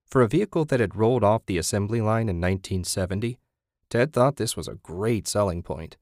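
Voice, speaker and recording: In this scripted narration, a low-voiced man reading an audiobook keeps his storytelling steady and measured. The sound is clean and studio-made, without any echo.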